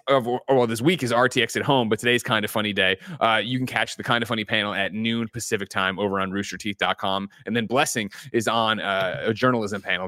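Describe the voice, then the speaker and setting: Male podcast host, bright and crisp, dry sound, brisk and joking. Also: fairly low pitch, dry recording. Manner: joking, fast and upbeat. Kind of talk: casual podcast chat and show intro.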